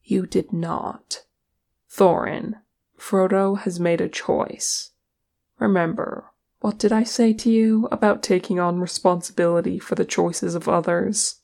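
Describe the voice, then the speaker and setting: A reader voicing a gentle, loving mother who comforts her sons, speaking softly and soothingly in an audiobook reading of a fan fiction story. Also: medium pitch, fairly even intonation, measured pace, vocal fry. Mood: tender. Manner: soft, soothing and tender.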